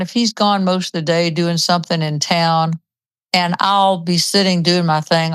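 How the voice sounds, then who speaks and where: A woman's voice: fairly low pitch, smooth, dry recording. A woman in her seventies chatting casually as host, telling stories and acting out what people said. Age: 70s. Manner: chatty storyteller, acts out quotes. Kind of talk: casual chat.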